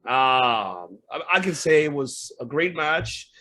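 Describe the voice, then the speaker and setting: A man's voice: medium pitch, big pitch swings, takes it slowly, pushed and bright. A man hosting a casual podcast chat, laughing easily and passing the turn to his guests. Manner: laughing, easygoing, hands over turns. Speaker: podcast host.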